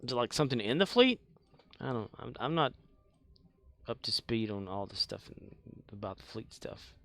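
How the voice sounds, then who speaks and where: A man's voice: medium pitch, sing-song, moderate pace, fairly bright tone. A man casually chatting while he streams a space game, laughing often and answering his chat.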